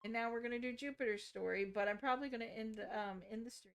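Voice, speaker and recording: A woman's voice: a little high, fast, clear, resonant tone. Chatty, joking young woman streamer. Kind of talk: casual game commentary.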